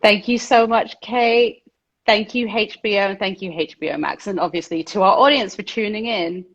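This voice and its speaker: A woman hosts a live Q&A over a video call, bright and gushing. Her audio comes through slightly muffled and lo-fi. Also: mid-range voice, normal speed. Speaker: host. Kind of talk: hosting a live Q&A.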